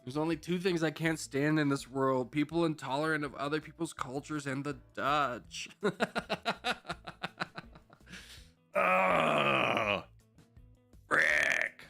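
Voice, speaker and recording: A man's voice: a little high, takes it slowly, gravelly, long pauses, sharp tone, soft background music. A man streaming a strategy game live, chatting with viewers in joking mock rants and laughing often.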